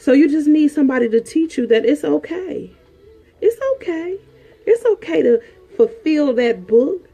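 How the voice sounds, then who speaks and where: A woman's voice: sits high, animated, moderate pace, gravelly, mellow, faint music behind. A woman counselor giving frank relationship advice in an emphatic, preachy way, repeating her points. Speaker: sexologist and counselor host.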